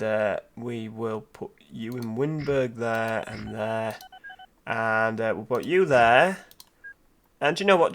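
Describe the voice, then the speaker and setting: A man's voice: lowish voice, fairly bright tone. A man giving casual let's-play commentary, thinking aloud and asking rhetorical tag questions. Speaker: gameplay commentator.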